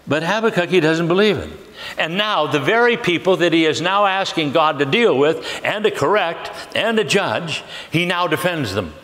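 An older man, a guest pastor, preaching a sermon with humor and laughter, acting out lively exchanges. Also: a little high. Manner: humorous, animated storytelling with laughs. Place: large church hall. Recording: long church reverb.

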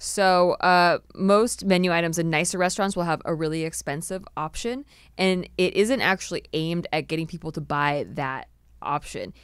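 Young woman host, casual, explains points and laughs a lot; lowish voice. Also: normal speed, clean tone, no room sound, studio quality. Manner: explains list items, laughs easily. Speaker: podcast host. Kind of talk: casual chat.

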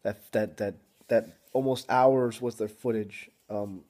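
Young man, casual vlog, low-pitched, frustrated, apologetic, halting with ums and restarts. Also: steady tone, mellow. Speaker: vlogger.

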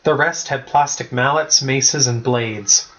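A man reading a chapter-book story aloud as a first-person narrator, with a steady, even-paced delivery. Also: mid-range voice, a little slow, lo-fi sound. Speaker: audiobook narrator.

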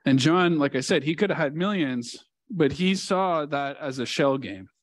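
A man's voice: a little high, animated, normal speed. A male pastor preaching a sermon in a church, telling a story earnestly and leaning hard on key words. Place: church sanctuary.

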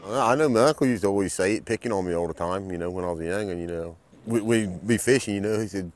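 A man's voice: low voice, quick pace, hardly any pauses. A man with an Outer Banks brogue, telling stories casually in an interview, stumbling and laughing over his words. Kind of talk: casual storytelling.

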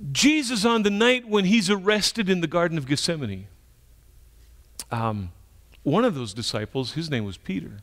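High-voiced male pastor telling a story. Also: animated, moderate pace. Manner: storytelling, swinging between hushed and emphatic. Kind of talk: sermon.

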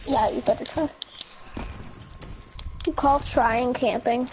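A woman's voice: sits high, steady tone, slow. A woman gamer teasing and bossing her teammates during an online shooter match, jokingly threatening to kick them. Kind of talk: casual chat while playing an online shooter. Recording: muffled lo-fi mic with loud clicking noise.

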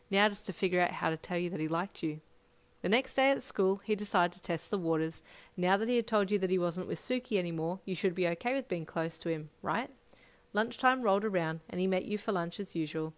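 A woman narrating a second-person fanfiction story aloud, steady with small slips. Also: fairly low pitch. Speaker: fanfiction reader.

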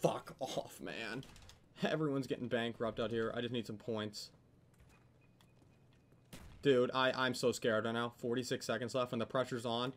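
A young man giving live commentary over a video game, swearing often and yelling when things go wrong. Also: medium pitch, moderate pace, long pauses. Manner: swears a lot, yells when frustrated. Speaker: gaming commentator.

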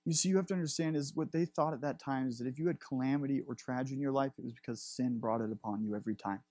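A man's voice: mid-range voice, steady tone, racing, darkish tone. A man preaching a sermon as pastor, earnest and building his emphasis.

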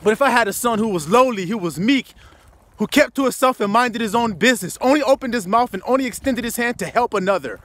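Fiery, profane high-voiced male preacher. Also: lively intonation, fast talker, fairly bright tone, no echo. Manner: profane, confrontational, rhetorical questions. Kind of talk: fiery street sermon.

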